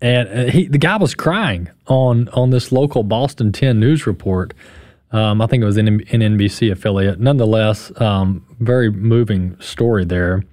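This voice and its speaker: On a radio talk show, a male host offers conversational yet emphatic commentary in a lowish, slightly mellow voice at normal speed. The studio recording is clean and dry.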